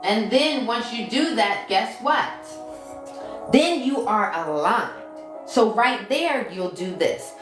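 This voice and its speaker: A woman's voice: fairly high pitch, expressive, slow. A woman giving a casual livestream talk as a mindset coach. She repeats key phrases and stops to answer viewer comments. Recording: roomy sound with music behind. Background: background music.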